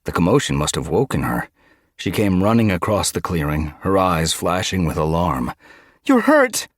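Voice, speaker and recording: A man narrating an animal adventure audiobook in an expressive storytelling manner. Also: sits low, normal speed, dry recording, clean studio sound. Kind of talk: scripted narration.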